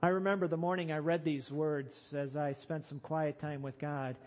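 A man preaching a sermon to his church, slow and emphatic, rising to loud calls on key lines. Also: on the high side, little pitch movement. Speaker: pastor.

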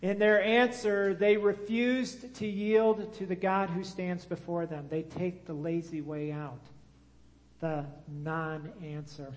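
A man's voice: high voice, steady tone, takes it slowly. A man preaching a sermon and drawing his congregation into call-and-response. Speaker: pastor. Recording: long hall reverb.

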